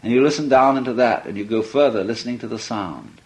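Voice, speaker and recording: A man's voice: mid-range voice, quick pace, poor audio. A man giving a reflective lecture talk, musing and telling stories, often breaking into laughter. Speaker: speaker.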